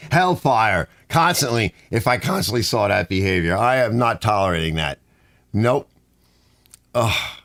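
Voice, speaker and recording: A man's voice: medium pitch, a bit bright, no room sound, studio quality. A middle-aged man hosting a casual livestream from his garage, reading viewer comments aloud and chatting. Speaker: livestream host reading chat. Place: home garage.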